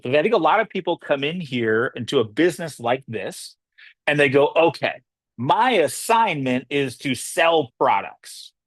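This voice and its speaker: A man's voice: a little high, fairly bright tone, dry recording. A man giving a motivational business talk, casual and conversational, repeating phrases and acting out other people's reactions. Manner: conversational, repeats himself, acts out quoted reactions. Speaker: motivational speaker.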